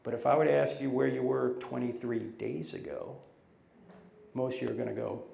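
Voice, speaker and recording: A man's voice: mid-range voice, brisk, gravelly, reverberant. A man in his sixties giving a live talk to a campus audience, telling stories and acting out quotes in raised voices. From United States. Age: 60s. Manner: animated storyteller, acts out quotes in raised voices. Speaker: Christian apologetics speaker. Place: large university hall with audience.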